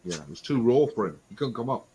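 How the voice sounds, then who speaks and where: A man's voice: medium pitch, big pitch swings, quick pace, a little mellow, slightly rough. A man in casual banter on a live stream, sweary and rambling, often laughing.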